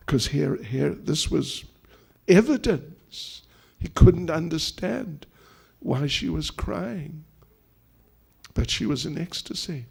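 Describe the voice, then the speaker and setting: A monk telling a devotional story in a sermon, animated and acting out the dialogue. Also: male voice, fairly high pitch, slow, vocal fry, breathy edge. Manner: animated storytelling, acts out quotes. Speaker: monk preacher.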